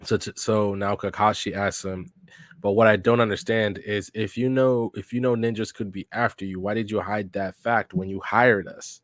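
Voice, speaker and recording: A man casually reading a manga aloud for a reaction podcast, narrating scenes in slangy, relaxed speech and reading character lines without much change in voice. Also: on the low side, moderate pace, dry recording, clean studio sound. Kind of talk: casual read-along reaction.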